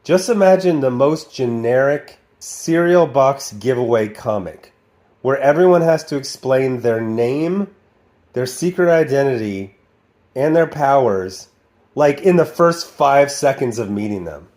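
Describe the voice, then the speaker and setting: A man in his forties from the American Midwest talks through a video review in a relaxed, conversational way. His tone is dry and sarcastic. Now and then he breaks into over-the-top voices to mock what he quotes. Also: medium pitch, a little slow. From Midwestern United States. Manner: sarcastic, slips into exaggerated cartoon voices when quoting. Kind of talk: casual video commentary.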